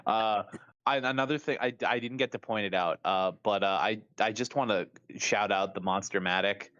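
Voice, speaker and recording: A man's voice: lowish voice, moderate pace, fairly bright tone, no room sound, dull audio. A man co-hosting a casual podcast, talking with enthusiasm about a favorite show. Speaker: podcast co-host.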